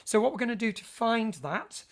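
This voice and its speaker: A man's voice: very high-pitched, expressive, normal speed. A man leading a vocal health workshop for teachers, chatty and playful with theatrical asides.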